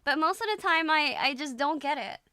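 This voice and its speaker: A woman's voice: sits high, lively intonation, fairly quick, bright, forceful tone, no room sound. A woman streamer chatting casually and giggling as she reacts to videos on a close mic. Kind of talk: casual live-stream chat.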